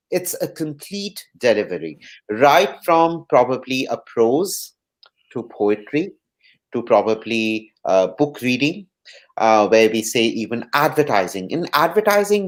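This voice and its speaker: An interview host who steers the conversation, pausing to search for words. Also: medium pitch, big pitch swings.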